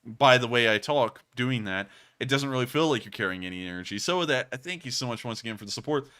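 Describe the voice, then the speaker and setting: A man hosting a live news stream, answering viewer comments with energy and a pushed-up pitch. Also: fast, smooth. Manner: energetic, keeps his voice pushed high. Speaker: livestream host.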